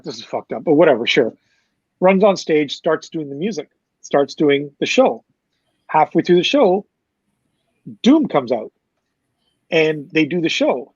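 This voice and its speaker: A man who works as a concert promoter, telling a loose, fast, profane backstage story as a guest. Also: fairly high pitch, a little mellow, husky, no room sound, lo-fi sound. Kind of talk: casual storytelling.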